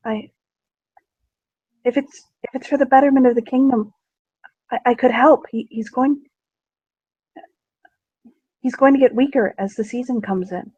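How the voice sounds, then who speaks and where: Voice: medium pitch, a little slow, pauses often, darkish tone, no echo, voice pushed up, close to an everyday voice. A game master voicing a scheming, seductive woman of a fantasy court who urges and drops into whispers, on a dull lo-fi recording. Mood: conspiratorial. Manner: breathy, urging, drops to a whisper. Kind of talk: tabletop game voice acting.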